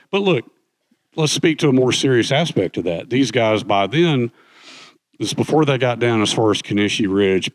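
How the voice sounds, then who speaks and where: Middle-aged male guest, low voice, dry close mic, lively anecdotal storyteller. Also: dry recording. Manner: animated, acts out quoted voices. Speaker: guest speaker, author. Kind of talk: conversational storytelling.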